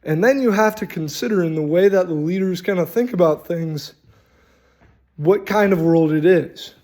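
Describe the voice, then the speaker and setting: A man hosting a casual, rambling talk on tabletop role-playing, animated and full of swearing. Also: high-pitched, moderate pace. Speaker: host.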